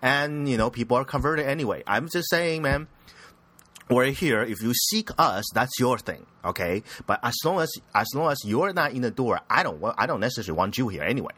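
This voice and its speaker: A man's voice: mid-range voice, expressive, a little fast, pushed and bright, husky, no room sound. A young man hosting a casual anime news podcast, rambling and crude, often giggling at his own jokes. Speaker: podcast host.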